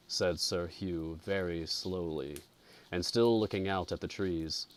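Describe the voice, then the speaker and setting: A male storyteller reading a ghost story in a slow, deliberate, atmospheric way. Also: low-pitched, slight background noise. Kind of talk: scripted narration of a ghost story.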